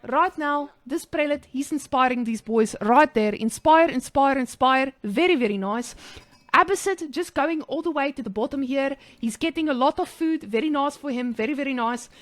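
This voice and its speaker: A woman's voice: high voice, moderate pace, no room sound, natural voice. A woman putting on a South African guy's accent while playfully casting a live strategy game, with jokey, mock-hyped cheering. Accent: put-on South African. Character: brash South African guy game caster. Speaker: esports caster.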